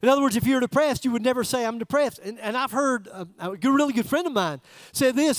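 A man preaches to his congregation in a casual, folksy way, often turning to ask them questions directly. His voice sits very high for a man. The sound is dry and close, with little room in it. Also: animated, normal speed, few pauses, dry recording. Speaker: pastor. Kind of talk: sermon. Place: church service.

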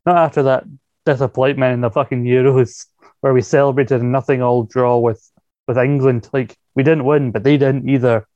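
A man's voice: mid-range voice, fairly even intonation, moderate pace, dark tone, dry recording, lo-fi sound. A Scottish man in casual podcast chat, recapping wrestling with blunt, sweary mockery. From Scotland. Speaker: podcast co-host.

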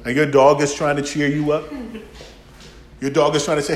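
A man preaching a sermon, telling lively stories and acting out dialogue. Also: on the high side, brisk, pauses often, reverberant, background noise.

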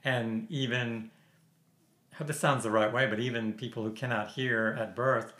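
A man's voice: medium pitch, fairly even intonation, normal speed, fairly bright tone. A man discussing a film in a casual panel chat, who often restarts and repeats words while building his point. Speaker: film critic. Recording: roomy echo.

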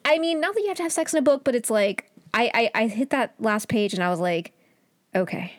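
A woman's voice: quick pace, no echo, clean studio sound. A woman co-hosting a podcast, chatting casually about a book and acting out characters with big swings and laughs. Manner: animated, acts out characters with big pitch jumps and laughs. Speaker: podcast co-host. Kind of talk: casual book-review chat.

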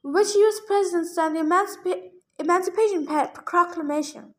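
Fussy female sphinx monster, put on by a woman reader, high-pitched, prim, easily offended. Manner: prim, snippy, quick to take offense.

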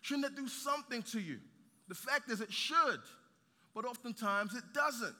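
Preacher, male, high and very bright tone, animated delivery with humor, long hall reverb. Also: normal speed. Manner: lively preaching with rhetorical questions and humor. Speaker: pastor. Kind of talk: sermon.

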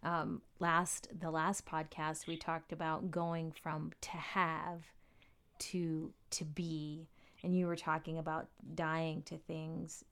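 Very low, smooth-voiced woman host. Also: little pitch movement, slow pace. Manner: gentle, affirming, asks reflective questions. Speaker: podcast host. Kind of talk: interviewing, casual conversation.

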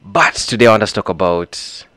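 Young kenyan guy w/ a kenyan accent doing his solo podcast, real low voice, dry close mic, chatty and throws in slang. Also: fairly quick, pushed and bright, dry recording. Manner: chatty, mixes in slang and Swahili phrases. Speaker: podcast host. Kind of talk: casual solo podcast chat.

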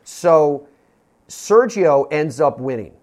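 A man's voice: fairly high pitch, lively intonation, slow pace, a little mellow. Rambling male golf radio host. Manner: rambling, self-correcting, reels off names. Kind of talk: casual sports radio talk.

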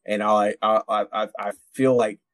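A man's voice: fairly low pitch, level tone, normal speed, fairly bright tone, dry recording. A man, a military veteran, tells a war story on a podcast in a rambling, profane way, with many restarts. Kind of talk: casual storytelling.

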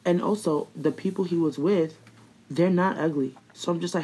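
A woman's voice: low voice, moderate pace, darkish tone, slightly rough, rough recording. A young woman co-hosting a casual gossip chat, blunt and profane, laughing often.

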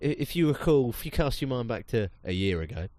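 Animated man chatting on a podcast. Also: mid-range voice, quick pace. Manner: animated, swearing, self-mocking. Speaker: podcast co-host. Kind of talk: casual chat.

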